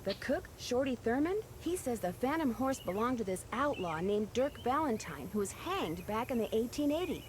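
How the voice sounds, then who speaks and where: A woman's voice: on the high side, sing-song, normal speed, hardly any pauses, noisy background. An actress voicing a curious, polite young woman detective in a video game, earnest and inquisitive.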